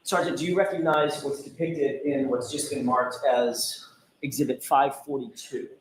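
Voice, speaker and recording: A man's voice: medium pitch, fairly even intonation. Male attorney in an echoey courtroom. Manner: measured, formal. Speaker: trial attorney. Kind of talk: courtroom questioning. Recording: roomy courtroom audio with faint noise.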